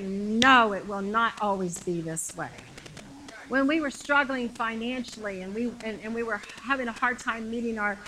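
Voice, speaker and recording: A woman's voice: fairly high pitch, sharp tone, slight background noise, low-quality recording. A middle-aged woman preaching a sermon in a conversational, emphatic way, repeating phrases to build up her point, with a congregation answering her.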